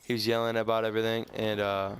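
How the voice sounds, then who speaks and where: A man's voice: lowish voice, little pitch movement, slight background noise. Teen boy, stuttery storytelling over gameplay, faint gunfire behind. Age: teens. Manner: rambling, halting, many restarts and stutters. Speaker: gaming YouTuber. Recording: faint gunfire from game audio. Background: video game gunfire.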